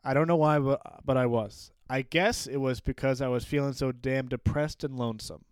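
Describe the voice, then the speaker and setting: A man's voice: medium pitch, steady tone, moderate pace, clear, resonant tone, no room sound, clean studio sound, natural voice. A man reading aloud as a drunk, lonely teenage boy, with a casual, wry lilt. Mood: wistful. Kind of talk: reading book passages aloud.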